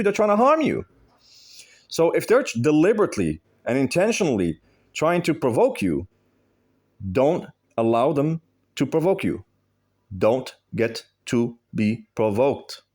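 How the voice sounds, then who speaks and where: A man's voice: on the high side, a little mellow. A man giving advice in a direct monologue, blunt and emphatic, swearing freely and repeating phrases for stress. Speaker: video host giving advice.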